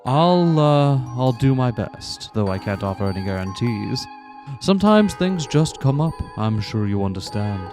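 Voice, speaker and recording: A man voicing a mysterious, elegant young man who speaks slowly and smoothly in a low, husky tone. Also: big pitch swings, over music. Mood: evasive.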